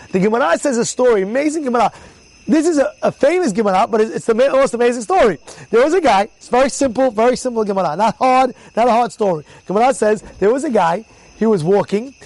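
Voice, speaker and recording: Man, rabbi, high-pitched, informal Torah class, animated storytelling, repeats words. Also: dry recording, poor audio.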